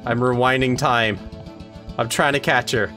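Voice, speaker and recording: A man hosting a let's play, reacting to the game aloud in an excitable, exclaiming, self-mocking way. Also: medium pitch, unhurried. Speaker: gaming channel host. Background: game music.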